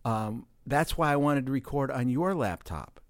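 A man's voice: medium pitch, expressive, normal speed, dry recording. A man with an ordinary mid-range voice hosts a podcast in casual chat. He talks things through at length and tells stories. The sound is dry and close to the mic. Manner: explains at length, storytelling. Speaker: podcast host. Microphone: studio microphone.

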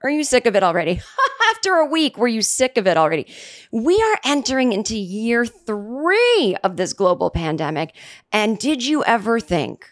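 A woman's voice: on the high side, big pitch swings, normal speed. A middle-aged woman hosting a solo comedy podcast, talking into a studio microphone in a sarcastic, rambling way full of self-deprecating asides. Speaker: podcast host.

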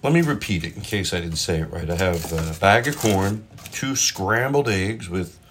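Low-voiced man rambling while cooking. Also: animated, moderate pace, a bit bright, a little hiss or hum. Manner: rambling, self-interrupting, jokey. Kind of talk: casual food chat while cooking and eating. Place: home kitchen. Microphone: phone propped up.

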